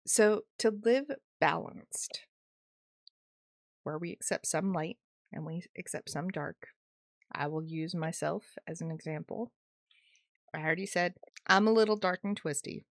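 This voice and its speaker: A woman's voice: on the low side, a little slow, long pauses, dry recording, clean studio sound. A woman co-hosting a podcast in casual chat, playful and self-mocking, laughing often. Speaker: podcast co-host.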